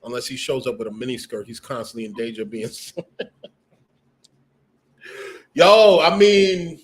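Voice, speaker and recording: A man's voice: mid-range voice, steady tone, quick pace. A man co-hosting a podcast in casual chat, laid-back, slangy and profane. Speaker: podcast co-host.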